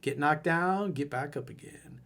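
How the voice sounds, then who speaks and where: A man's voice: a little high, unhurried, fairly bright tone. A man who coaches people on dating, reading out a viewer letter and answering it in a blunt, mocking way.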